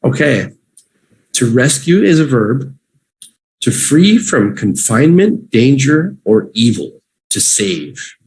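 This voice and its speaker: A man teaching English vocabulary on a livestream, repeating each word slowly for learners to say with him. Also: medium pitch, big pitch swings, gravelly, a little mellow, slightly rough. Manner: slow, drawn-out repetition for learners.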